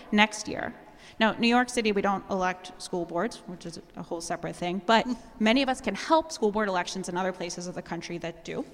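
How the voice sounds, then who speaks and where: Woman guest making an earnest pitch to the crowd, mid voice, hall reverb. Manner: earnest, warm, laughs lightly. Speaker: guest speaker on civic action. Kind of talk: earnest appeal to audience. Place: large hall with live audience.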